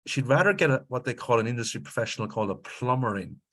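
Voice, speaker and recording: A man's voice: mid-range voice, expressive, fast, a bit bright. A man with an Irish accent, presenting an instructional webinar as a grants consultant, emphatic and lecturing, often checking in with his audience.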